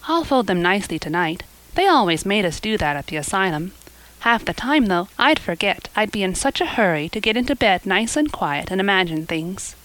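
A woman's voice: mid-range voice, sing-song, a little fast, a bit bright, poor audio. A woman voicing a chatty, imaginative orphan girl in an audiobook, eager and gushing. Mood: earnest. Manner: eager, gushing, rising and falling. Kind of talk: audiobook character voice.

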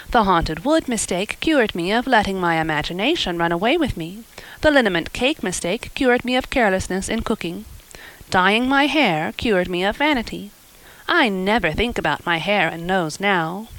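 A woman's voice: medium pitch, a bit bright, lightly acted, rough recording. A woman voicing an impulsive, romantic young girl who talks earnestly and at length in a storybook reading. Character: eager young woman, chatty, romantic, spirited.

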